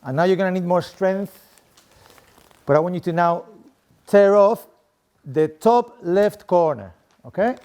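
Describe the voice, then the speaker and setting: A man's voice: sits high, measured pace, long pauses, mellow, clear, resonant tone. A middle-aged man with a Spanish accent, a professor giving a playful, interactive talk to a live audience, often checking in with "okay?". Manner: playful, chatty, tags lines with "okay?". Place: room with a seated audience at desks.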